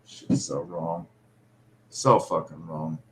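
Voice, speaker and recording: A man's voice: extremely low pitch, steady tone, slow, a bit bright. A middle-aged man hosting a live stream, telling a personal story in a profane, emotional and bitter way. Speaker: host.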